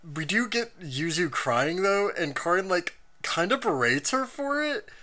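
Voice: medium pitch, measured pace, few pauses. A podcast host recapping anime episodes in a casual chat, summarizing scenes and reading out viewer comments. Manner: lively, expressive, reads out episode summaries.

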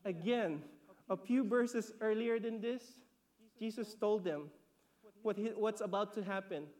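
A man from the Philippines preaching with a notably high voice. He talks in an animated, conversational way, repeats words as he builds a point, and checks in with the congregation. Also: unhurried. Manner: laughs between points, asks "okay?". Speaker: pastor. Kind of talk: sermon.

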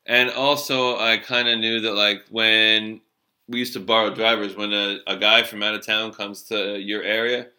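A man's voice: lowish voice, flat delivery, normal speed, pushed and bright. A middle-aged man telling a loose, profane story from his cab-driving days in a casual chat. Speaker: storyteller, former cab driver.

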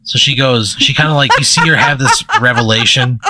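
A man improvising a comic story in the second person, building it up with deadpan escalation. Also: mid-range voice, fairly quick, very noisy.

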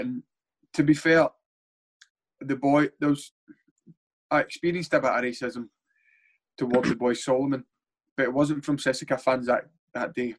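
Blunt Scottish man, rambling and swearing. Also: medium pitch. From Scotland. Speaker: former footballer guest. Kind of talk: casual podcast chat.

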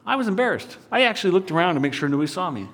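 A male pastor delivers a sermon in a lively, storytelling way. His pitch moves widely and his volume swings from loud appeals to quiet asides. The room gives his voice a long, ringing reverb. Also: racing.

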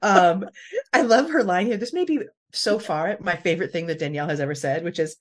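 A woman with a slightly low voice hosts a podcast in a relaxed, chatty way. She laughs often and breaks up her sentences with fillers and restarts. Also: fairly quick. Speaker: podcast host. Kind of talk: casual chat.

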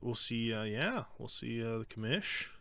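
Gravelly-voiced sarcastic podcast guy. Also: medium pitch, normal speed, no echo. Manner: deadpan sarcastic, joking. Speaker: podcast co-host. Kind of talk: casual sarcastic chat.

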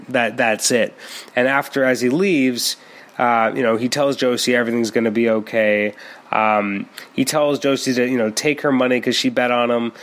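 A man with a mid-pitched voice reviews a comic book in a loose, rambling monologue. He talks casually, restarting sentences and filling gaps with fillers as he goes. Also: a bit bright. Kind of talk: casual solo commentary.

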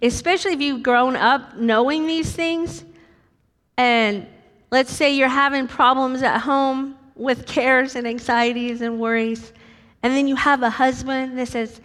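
A middle-aged American woman preaching a sermon, animated and acting out voices with sudden high squeaks. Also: unhurried. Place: large church hall. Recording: long hall reverb.

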